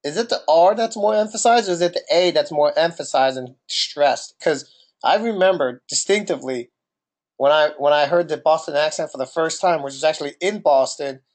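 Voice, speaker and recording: A man's voice: fairly high pitch, moderate pace. A man with a New Jersey accent co-hosting a casual podcast, talking in a rambling, questioning way. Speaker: podcast co-host.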